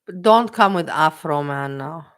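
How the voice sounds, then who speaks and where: A woman's voice: low voice, expressive, measured pace, fairly bright tone. Emotional woman chatting on a livestream. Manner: emotional, repetitive, talks to her chat. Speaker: livestream host. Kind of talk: casual livestream chat.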